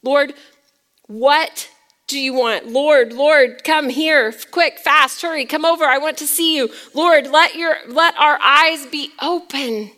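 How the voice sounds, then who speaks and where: A woman's voice: high-pitched, takes it slowly, pushed and bright, exaggerated voice. A woman voicing a desperate blind beggar man, pleading urgently to be noticed.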